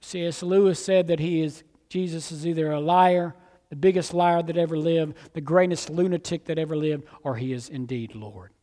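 A man preaching a sermon, swinging between emphatic outbursts and hushed, low passages. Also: fairly even intonation, normal speed, big-room sound.

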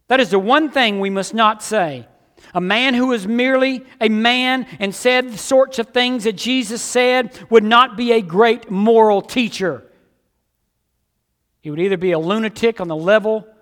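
High-voiced preacher in a reverberant hall. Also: male voice. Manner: emphatic, swings from loud to hushed. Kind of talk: sermon.

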